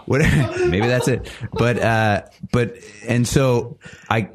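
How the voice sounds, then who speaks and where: A man on a podcast panel giving a thoughtful, measured opinion in casual chat. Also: medium pitch, a crowd in the background.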